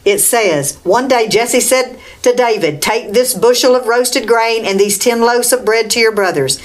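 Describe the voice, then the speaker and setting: A woman's voice: on the high side, unhurried. A woman preaching a Bible lesson, reading scripture aloud and calling "Amen?" to her listeners. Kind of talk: bible teaching talk.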